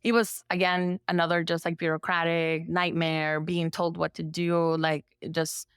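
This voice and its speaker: A woman therapist from El Salvador, speaking as a podcast guest in a relaxed storytelling way, full of "like" fillers and lively acted-out quotes. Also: lowish voice, measured pace, smooth, dry recording, clean studio sound. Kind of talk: conversational storytelling.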